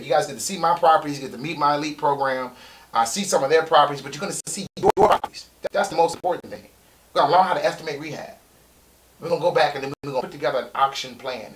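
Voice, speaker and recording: A middle-aged man pitches his real estate course on a live stream. His voice sits a touch high and rings bright and forceful. He is excitable, repeats key lines for emphasis, and sometimes breaks into loud shouting.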